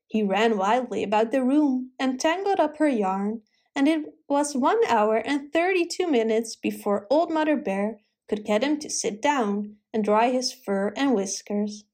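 A woman reading a children's Christmas story aloud in a gentle, rhythmic way. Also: a little high, lively intonation, a little slow.

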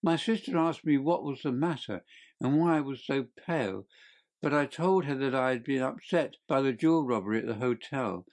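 A man's voice: normal speed, darkish tone, lightly acted. A man voicing a panicked young male thief who pleads and confesses in a crackling voice in an audiobook reading. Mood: confessing. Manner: shrill, pleading, desperate. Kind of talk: audiobook character voice.

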